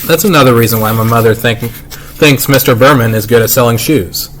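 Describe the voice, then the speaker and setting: A man reading a children's novel aloud in first-person narration, unhurried and plain. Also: medium pitch, fairly bright tone, slight background noise. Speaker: reader.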